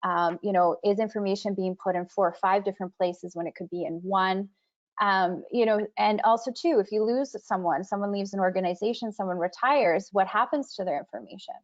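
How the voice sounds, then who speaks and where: A woman's voice: medium pitch, fairly quick. A woman on a webinar panel talking about records and privacy in a conversational way, with many fillers and restarts. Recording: muffled video call audio.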